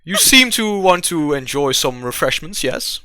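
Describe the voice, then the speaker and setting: A man voicing a loud, over-polite male tavern keeper in a tabletop game, with haggling salesman patter. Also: fairly high pitch, very animated, a little slow, pitched above the performer's own voice, full character voice. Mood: fawning.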